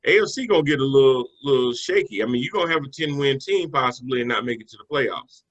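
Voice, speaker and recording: A man co-hosting a sports talk show, his voice bright and forward. He talks through the games casually, with plenty of fillers and restarts, and his pitch sits in an ordinary middle range. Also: lively intonation, quick pace, lo-fi sound. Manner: conversational, loose with fillers and restarts. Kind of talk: casual sports analysis chat.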